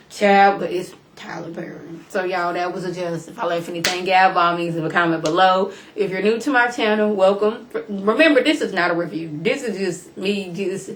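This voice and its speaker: A woman vlogger casually recapping TV episodes, colloquial and incredulous, her voice jumping high when exclaiming. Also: moderate pace, hardly any pauses, a little hiss or hum. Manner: colloquial, chatty, talks straight to viewers.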